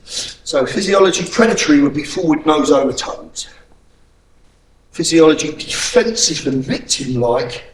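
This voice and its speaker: A man's voice: on the high side, animated, measured pace, far from the mic. A man teaching a hands-on self-defence class, blunt and profane, barking drill commands between explanations. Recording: echoey room, voice from afar.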